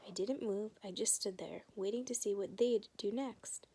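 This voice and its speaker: A woman reading a children's novel aloud in a soft, often half-whispered way. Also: medium pitch, moderate pace, hardly any pauses, slightly rough. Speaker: reader.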